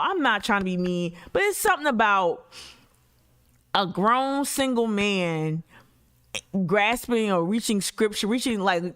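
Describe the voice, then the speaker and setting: A woman's voice: on the high side, fairly bright tone, clear, resonant tone. A woman hosting a livestream, giving casual commentary full of blunt, profane asides and frequent laughter. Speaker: livestream host.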